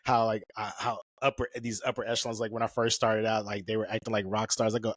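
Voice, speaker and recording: A man in his forties with a lowish voice talks quickly and casually on a podcast. As a photographer and host, he tells animated stories and slips into playful impressions. The sound is dry and close. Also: no echo.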